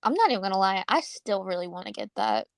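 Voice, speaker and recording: A young woman co-hosts a casual podcast and chats loosely with a friend. She swears freely and laughs often as she tells her stories. Her voice sits at a middle pitch and is recorded close and dry. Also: fast talker, no echo. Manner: laughing, swearing, animated storytelling. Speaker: podcast co-host. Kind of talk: casual chat.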